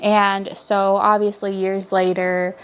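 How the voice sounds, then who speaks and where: A woman's voice: mid-range voice, little pitch movement, takes it slowly, fairly bright tone, slight background noise. A young woman giving a casual book review, chatty, giggling often and full of fillers. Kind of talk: casual chat.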